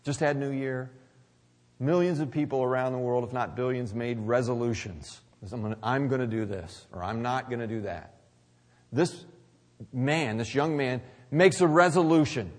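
A pastor preaching a sermon, swinging between loud emphasis and near-whispered asides. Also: male voice, mid-range voice, moderate pace. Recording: long reverb of a large hall.

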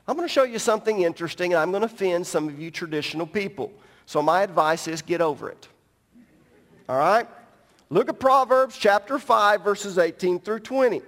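A man with a notably high voice delivers an animated, emphatic sermon in a church, breaking off for joking asides. His voice rings out with a long hall reverb around it. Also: fairly quick. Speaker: pastor. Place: large church sanctuary.

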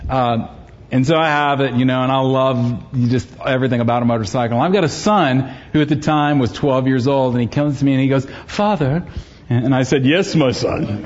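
A man's voice: medium pitch, lo-fi sound. A middle-aged man, a pastor, preaching a sermon and telling a personal story, conversational and joking with the congregation.

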